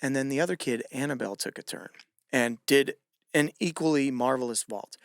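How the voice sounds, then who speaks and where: A man who hosts a podcast and coaches gymnastics, telling stories in casual chat and acting out lively quotes. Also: medium pitch, a little fast, no room sound, studio quality. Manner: animated, acts out shouted quotes.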